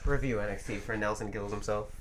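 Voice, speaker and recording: A man's voice: lowish voice, steady tone, fast, crowd noise. A young man co-hosting a podcast, teasing the others with dry asides. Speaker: podcast co-host. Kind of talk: casual chat.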